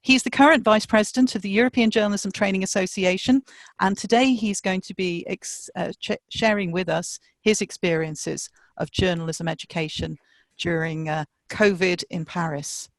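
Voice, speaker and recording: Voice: mid-range voice, steady tone, normal speed, no room sound. A session chair, introducing panelists over a video call in a chatty, stumbling way. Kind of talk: conference moderating.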